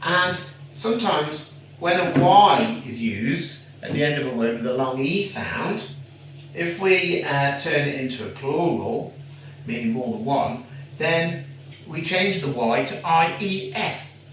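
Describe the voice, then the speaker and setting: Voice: medium pitch, animated, a bit bright, recorded from a distance. Encouraging teacher in an echoey room. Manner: patient, encouraging, sounds out words slowly. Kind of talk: phonics lesson for a young child. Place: home room. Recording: echoey room, away from the mic, faint noise.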